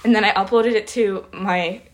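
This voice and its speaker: A hoarse woman hosting a podcast, reading her old stories aloud with giggly, self-mocking asides. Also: mid-range voice, fairly even intonation, normal speed. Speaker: podcast host.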